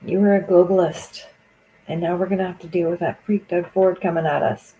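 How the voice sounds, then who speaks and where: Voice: medium pitch, fairly even intonation, brisk, mellow, dull audio. A speaker, angrily venting in a profane political monologue on a stream. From Canada.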